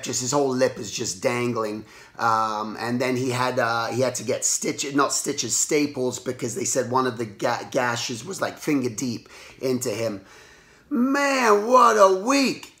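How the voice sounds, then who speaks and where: A hoarse man who has lost his voice, hosting a casual motivational talk and rambling with lots of restarts. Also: medium pitch. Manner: rambling, animated, restarts often. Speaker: artist and show host. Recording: roomy echo.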